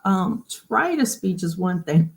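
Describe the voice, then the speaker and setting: Her voice sits on the low side, a little slow and sing-song, with some vocal fry. She's the host of a casual genealogy livestream who talks things through in a chatty manner and regularly asks viewers questions.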